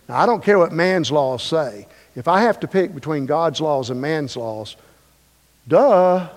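A male pastor preaching a sermon, emphatic and repetitive, with joking asides. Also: a little high. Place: church sanctuary. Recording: long reverb of a church hall.

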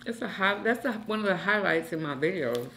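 A woman's voice: medium pitch, animated, brisk, heavy background noise. A young adult woman hosting a mukbang, chatting casually to her viewers while she eats and calling them y'all. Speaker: mukbang host. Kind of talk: casual chat while eating.

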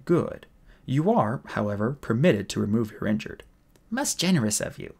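A huge bodyguard with a gravelly, husky rumble, voiced by a man reading an audiobook, giving blunt, calm orders. He sits at a middling pitch and never raises his voice. The threat is steady and quiet. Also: moderate pace, heavily acted. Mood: menacing. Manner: blunt, commanding.

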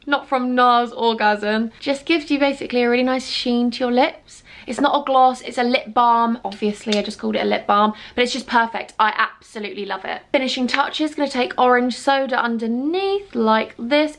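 Chatty woman, slightly high voice. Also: fairly bright tone. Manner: chatty, playful and self-mocking. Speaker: beauty vlogger. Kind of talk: casual get-ready-with-me chat.

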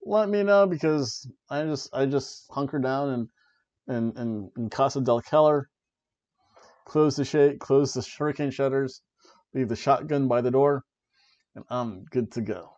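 A man hosting a wrestling review podcast, ranting and joking sarcastically in a casual, animated way. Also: mid-range voice, unhurried, no room sound. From Florida, USA. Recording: dull lo-fi dry recording.

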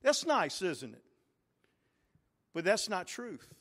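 A man's voice: sits high, sing-song, takes it slowly, sharp tone, big-room sound. A man, a pastor, preaching a sermon with call-and-response and swelling emphatic peaks. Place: large church sanctuary.

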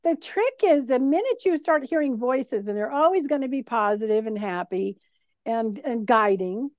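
A woman's voice: a little high, normal speed, dry recording, clean studio sound. A woman as an interview guest, chatting casually and acting out little voices as she tells stories. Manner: animated storyteller who acts out voices. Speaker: guest talking about spirit guides.

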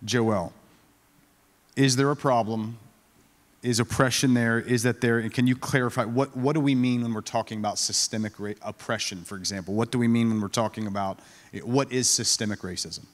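A man's voice: mid-range voice, fairly even intonation, normal speed. A man, a pastor moderating a panel discussion, asking pointed questions in a direct way. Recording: long hall reverb.

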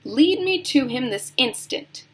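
A woman's voice: animated, a little slow, slightly rough, heavily acted. A woman reading aloud voices a demanding, indignant middle-aged mother who snaps and shrieks. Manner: sharp and shrill.

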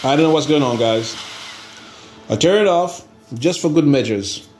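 A man's voice: fairly high pitch, expressive, normal speed, darkish tone, soft background music. A man hosting a casual RC hobby vlog, rambling in an exasperated way and pleading with viewers for help. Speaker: RC hobby channel host. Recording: noisy ambient background.

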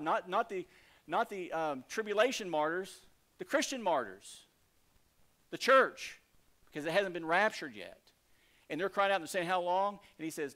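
A man, the lead pastor, preaching a sermon with emphatic rises and soft asides. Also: high voice. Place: church sanctuary.

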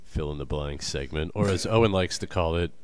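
A man's voice: rumbling low, a little fast, clear, resonant tone. A young man co-hosting a comedy podcast, bantering in a teasing, crude way. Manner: teasing and crude, trash-talking. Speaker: podcast co-host.

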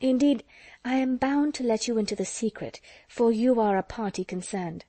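A woman's voice: fairly high pitch, normal speed, mellow, no echo, pitched above the performer's own voice, close to an everyday voice. A woman voicing a jealous, scheming young woman in an audiobook, confiding and earnest.

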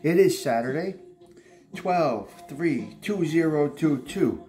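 A man's voice: on the high side, expressive, slow, warm tone, soft background music. A man hosting a casual morning coffee vlog, chatty and rambling with fillers. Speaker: host of a morning coffee show.

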